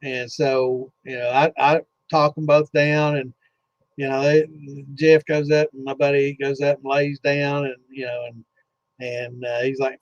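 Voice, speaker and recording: A man's voice: medium pitch, level tone, unhurried. Rambling, profane man telling stories. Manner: rambling, profane, full of fillers. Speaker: host of a distilling Q&A livestream. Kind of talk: casual storytelling chat. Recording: slightly dull lo-fi sound.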